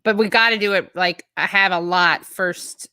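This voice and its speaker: A woman hosts a relaxed chat show, rambling and cutting herself off as she reads viewer comments aloud. Her voice sits a little low yet comes across bright and forward. The sound is dry and close, with no room echo. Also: moderate pace, clear, resonant tone. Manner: chatty, rambling, breaks off mid-thought. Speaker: show host. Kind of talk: casual livestream chat, reading viewer comments.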